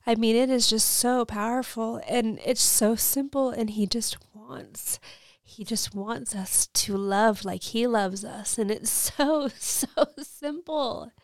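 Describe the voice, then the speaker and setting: A woman's voice: a little high, fairly even intonation, takes it slowly, dry recording, studio quality. A woman in her thirties co-hosting a faith podcast, telling a story earnestly and with emotion. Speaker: podcast co-host.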